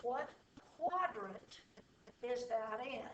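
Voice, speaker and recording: A woman teaching math to a class, explaining slowly and checking often that students follow. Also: on the high side, animated, a bit bright, a little hiss or hum. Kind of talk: classroom lecture. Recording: echoey room from far off.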